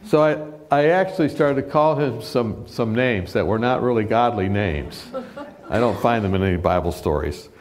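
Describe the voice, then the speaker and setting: A male preacher giving a sermon, telling a personal story with lively acted-out quotes and frequent laughs. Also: lowish voice, moderate pace. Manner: animated storyteller, acts out quotes, laughs often.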